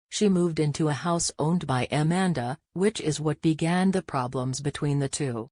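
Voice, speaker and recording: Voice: medium pitch, a little mellow, no echo. A narrator reading a scripted gossip recap in a chatty way, adding personal reactions.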